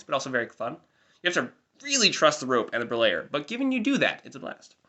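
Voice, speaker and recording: A young American man in his twenties rattles through a casual diary-style update at a quick clip. His voice is bright and forward, and he wanders off into chatty, self-mocking asides. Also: medium pitch. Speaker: vlogger.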